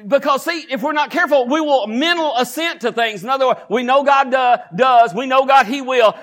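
A male pastor, delivering a sermon with repetition and call-and-response, rising to shouts. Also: fairly quick, few pauses. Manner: builds from low conversational teaching to loud, shouted preaching.

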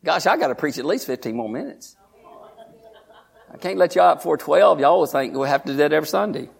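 Man, pastor, sermon in church, quiet asides, shouted high-pitched preaching. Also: lively intonation, fast, gravelly, husky.

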